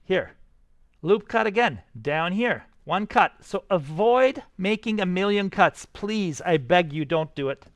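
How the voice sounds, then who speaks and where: A man's voice: sits high, animated, a little slow, no room sound. A man teaching a live class, upbeat and coaxing, talking his students through each step. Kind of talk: live classroom software tutorial.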